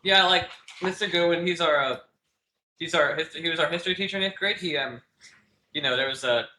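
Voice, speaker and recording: Teen boy podcast co-host, rambly, lots of fillers, bright tone, roomy echo. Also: fairly high pitch, a little fast. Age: teens. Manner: rambling, many fillers and restarts, laughs often. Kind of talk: casual chat. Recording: echoey room with faint noise.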